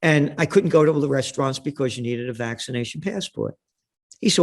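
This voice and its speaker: A man's voice: mid-range voice, animated, a little fast. A man telling heated, combative stories in a ranting monologue.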